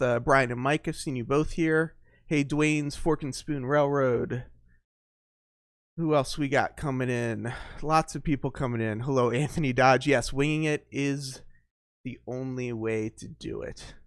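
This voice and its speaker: A man's voice: mid-range voice, clear, resonant tone, no room sound. Man hosting a live stream, dry sound. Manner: unscripted, greets viewers by name, halting with fillers. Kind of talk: casual live stream chat.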